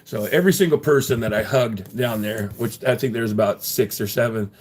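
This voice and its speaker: A man's voice: mid-range voice, a little fast, darkish tone. A man livestreaming and answering his chat, rambling with many fillers and restarts, taunting viewers with profanity and laughing at them.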